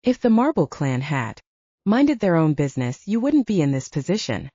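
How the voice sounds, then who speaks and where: A woman's voice: big pitch swings, normal speed, warm tone, slightly rough, no echo, full character voice. Woman playing a haughty drawling heiress. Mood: disdainful. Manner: low disaffected drawl. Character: entitled young pregnant heiress, bored and haughty. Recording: dull lo-fi audio.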